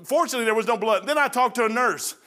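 A man's voice: very high-pitched, very fast, pushed and bright. A man preaching a folksy sermon, rambling through stories and laughing at his own jokes.

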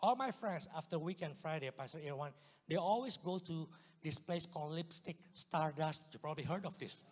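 A man with an Indonesian accent telling his testimony in a church, in a storytelling manner that swings from hushed to loud outbursts. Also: a little high, normal speed, breathy edge, long reverb tail. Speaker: guest speaker giving testimony. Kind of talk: sermon testimony.

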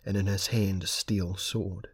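Low husky male audiobook narrator. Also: level tone, a little slow, no room sound. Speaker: audiobook reader. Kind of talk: scripted narration.

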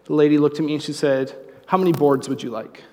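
A man preaching a sermon, conversational and joking, with animated asides. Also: on the high side, quick pace, in a large hall. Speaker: pastor. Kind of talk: sermon with humorous story.

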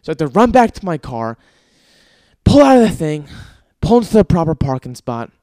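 A man's voice: on the high side, very animated, brisk, dark tone, no echo, clean studio sound. A young man hosting his own podcast, telling stories in an exasperated, profane, ranting way with sighs and laughs between bits. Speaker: podcast host. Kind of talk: casual comedic monologue.

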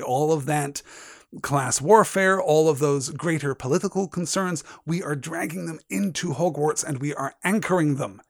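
Man, podcast host, reflective and emphatic analysis, higher-pitched voice, dry close sound. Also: no echo. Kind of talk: literary analysis talk.

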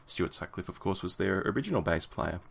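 A man's voice: deep voice, very animated, brisk, creaky, breathy edge. A man co-hosting a casual chat, reading passages from a book aloud and then talking them over with fillers and restarts. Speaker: podcast co-host reading from a book.

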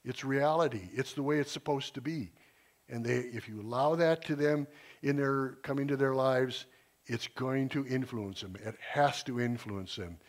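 An older man in his sixties speaks to his church congregation in a loose, earnest way, circling back and restarting his sentences as he goes. His voice sits at an ordinary middle pitch, and he sounds like a retired schoolteacher sharing his convictions. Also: normal speed. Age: 60s. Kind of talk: informal sermon talk.

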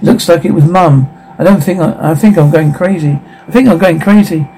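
A man reading a frightened teenage girl's lines in a flat, halting way. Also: a little high, faint music behind, close to an everyday voice, low-quality recording. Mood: plain. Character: frightened teenage girl looking after her sister.

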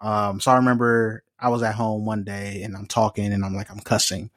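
A man co-hosting a podcast in casual chat, telling animated stories and laughing often. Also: on the low side, a little fast, no room sound, studio quality. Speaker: podcast co-host.

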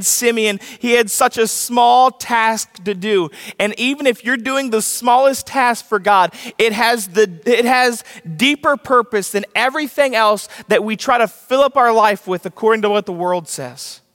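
A man's voice: very high-pitched, normal speed, few pauses, a bit bright. A young man preaching a sermon, telling stories and asking the congregation rhetorical questions. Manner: storytelling, rhetorical questions to the room. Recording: long hall reverb.

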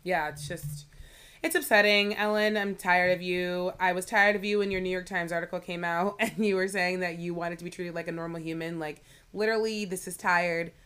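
A woman's voice: on the low side, fairly even intonation, brisk, fairly bright tone, clean tone. A woman co-hosting a podcast in a casual chat, leaning heavily on "like" as she talks. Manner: chatty, leans heavily on "like". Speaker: podcast co-host.

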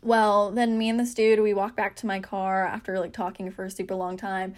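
A woman's voice: medium pitch, little pitch movement, fairly quick. Chatty young woman telling a story. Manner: chatty, many fillers, self-mocking. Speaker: podcast host. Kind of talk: casual storytelling.

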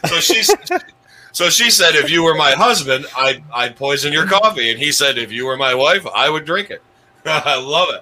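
A man's voice: fairly high pitch, expressive, normal speed, pushed and bright, slight background noise, rough recording. A man hosting a comedy countdown show, rambling with restarts and chuckling at his own jokes. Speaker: host.

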